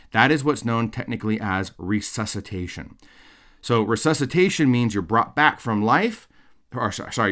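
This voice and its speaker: A man's voice: on the low side, a bit bright. A man giving a recorded theology lecture in a conversational way, often checking in with "okay?" and "right?". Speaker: course lecturer.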